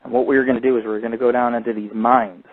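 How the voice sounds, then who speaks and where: A man's voice: mid-range voice, level tone, rapid-fire. Rambling, foul-mouthed man on a tinny line. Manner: rambling, swears constantly. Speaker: radio show host. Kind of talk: casual profane monologue. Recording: tinny phone-like sound.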